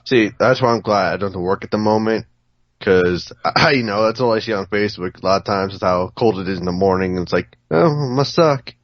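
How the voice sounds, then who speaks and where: A laid-back man co-hosts a casual podcast and swears freely. His voice is on the low side, and the recording is dry and dull, with a lo-fi feel. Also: steady tone, quick pace, dry recording. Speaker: podcast co-host. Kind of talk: casual chat.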